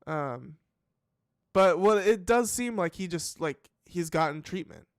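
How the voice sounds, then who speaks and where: A man's voice: high voice, lively intonation, unhurried, dry recording, clean studio sound. A man hosting a live reaction show, thinking aloud in casual commentary with many fillers and restarts. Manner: musing, hesitant, full of fillers and restarts.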